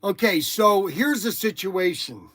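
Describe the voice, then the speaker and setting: High, bright, excitable guy hosting his channel, chatty storyteller. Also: measured pace. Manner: excitable, chatty storyteller with lots of restarts and exclamations. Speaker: channel host. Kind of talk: casual chat in the shop, partly on the phone. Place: workshop.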